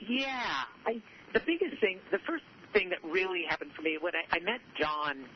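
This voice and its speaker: A man's voice: high-pitched, very animated, normal speed. Upbeat man telling stories in interview. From southern California. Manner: earnest, repeats himself, upbeat. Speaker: author and guest. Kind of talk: conversational interview storytelling. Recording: muffled audio with faint noise.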